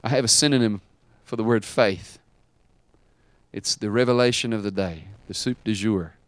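A man preaching a sermon as pastor, dramatic, swinging from quiet asides to shouted lines. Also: on the low side, moderate pace, clear, resonant tone, dry recording.

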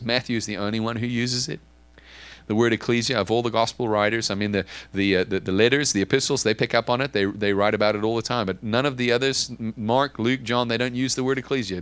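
A man preaching a sermon in an animated, emphatic way, often repeating words as he restarts. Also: mid-range voice. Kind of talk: sermon teaching.

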